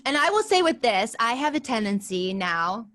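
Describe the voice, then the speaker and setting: A woman's voice: fairly high pitch, normal speed. Chatty woman coaching actors. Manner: chatty, animated, acts out quoted lines. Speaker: acting coach. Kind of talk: teaching an acting class.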